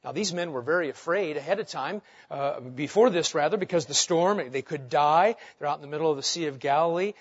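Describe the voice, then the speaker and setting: A man preaching a sermon, asking rhetorical questions and swinging between loud and hushed delivery. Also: on the high side, a little fast, husky, dull audio. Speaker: pastor.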